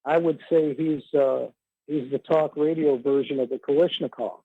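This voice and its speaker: A man calling in to a talk radio show, measured and wry, heard over a tinny phone line. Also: fairly high pitch, fairly even intonation, slight background noise. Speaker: caller. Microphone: telephone.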